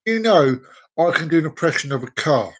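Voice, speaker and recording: A cheeky talking house cat, as a man puts him on, boasting in a plain chatty deadpan tone. The voice sits a little higher than the man's own and swings up and down a lot. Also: brisk, poor audio.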